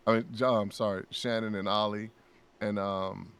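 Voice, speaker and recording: Animated male guest telling stories. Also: lowish voice, moderate pace, clean tone. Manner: animated storyteller who acts out friends' lines. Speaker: guest voice actor. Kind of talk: casual podcast chat.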